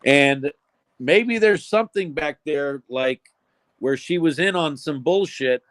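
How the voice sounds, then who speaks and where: Co-host guy speculating, kinda high voice, chatty, cusses, dry close sound. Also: slow pace, a bit bright, no room sound. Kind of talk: casual chat.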